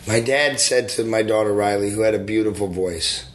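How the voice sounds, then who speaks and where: A man's voice: on the low side, moderate pace, roomy sound, slight background noise. A man hosting a podcast in casual chat, easygoing and telling anecdotes with some hesitation. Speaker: podcast host.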